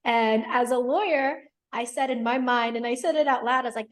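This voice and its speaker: Interview guest, woman in her thirties, slightly high, earnest reflective storyteller. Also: brisk, few pauses. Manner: earnest, thoughtful, with frequent ums and quoted inner thoughts. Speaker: guest, attorney and hypnotherapist.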